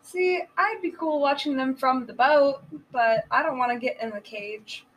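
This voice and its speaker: A woman chatting casually as a podcast guest, relaxed and a little hesitant. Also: high-pitched, moderate pace, distant mic, a little hiss or hum, low-quality recording. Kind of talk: casual chat.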